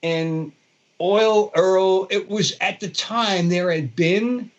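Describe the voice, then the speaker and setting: A man in his sixties, a guitarist from Brooklyn, New York, speaks with a Brooklyn accent as a guest in a casual storytelling interview. He has a high voice and a slow pace, and his stories ramble with many fillers and restarts. The recording is muffled.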